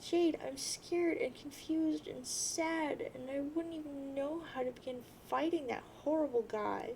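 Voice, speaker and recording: A woman's voice: sits high, creaky, a little mellow, a little hiss or hum, low-quality recording. A woman voicing a grieving, lost teenage girl who sobs and wails. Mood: distraught. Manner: sobbing, wailing drawn-out boo-hoos.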